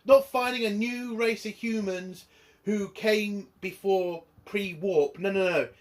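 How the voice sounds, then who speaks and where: High-voiced man in an angry rant. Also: steady tone, slow pace. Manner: angry, swearing, exasperated. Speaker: TV episode reviewer. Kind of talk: ranting video review.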